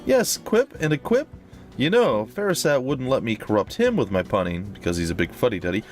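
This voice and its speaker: An excitable, pun-loving woman as a man puts her on gushes in a high voice. Her pitch leaps about constantly. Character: chipper female pun-loving companion, excitable.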